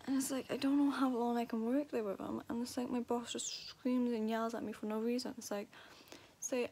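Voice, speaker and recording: A woman's voice: fairly high pitch, little pitch movement, fairly quick, a little mellow, slight background noise. An eighteen-year-old woman venting in a casual vlog, swearing and ranting with frustration. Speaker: vlogger.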